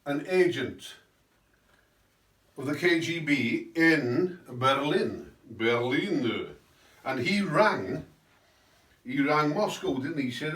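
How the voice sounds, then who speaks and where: Guy rambling on about politics, kinda high voice, slow, tagging on "isn't it", echoey room. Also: lively intonation, a bit bright. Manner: rambling, with tag questions. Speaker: host. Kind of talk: satirical political monologue. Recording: roomy, mic at a distance.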